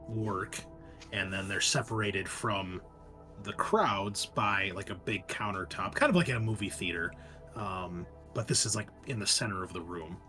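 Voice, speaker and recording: A man's voice: lowish voice, sharp tone. A man narrating a tabletop horror game as game master, describing the scene in a loose, rambling way with lots of filler. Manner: rambling, full of ums and likes.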